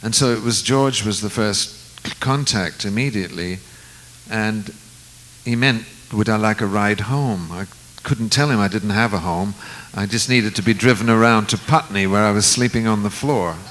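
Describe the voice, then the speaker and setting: A low-pitched man recounts a memory at an easy, reflective pace. He slips into the voices of the people in his story now and then, with a faint hiss under the recording. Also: fairly bright tone, low-quality recording. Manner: unhurried, reflective storyteller who acts out quoted lines. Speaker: guest musician. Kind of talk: storytelling anecdote in conversation.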